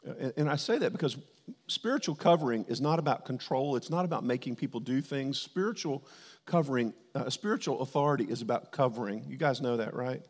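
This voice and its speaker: A middle-aged man preaching a sermon, telling a candid personal story and breaking into loud quoted outbursts. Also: mid-range voice, brisk. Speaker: pastor. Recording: long hall reverb.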